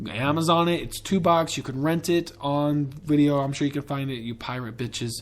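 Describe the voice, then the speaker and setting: A man's voice: fairly high pitch, steady tone, moderate pace. A man hosting a podcast in a casual, rambling and profane way, with enthusiastic tangents. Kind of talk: casual chat.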